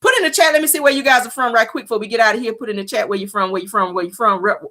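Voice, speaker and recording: Sassy woman hosting a live chat. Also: very fast. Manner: sassy, blunt, talks straight to viewers; animated pitch jumps for emphasis. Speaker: livestream host. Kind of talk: casual live chat, reading viewer comments.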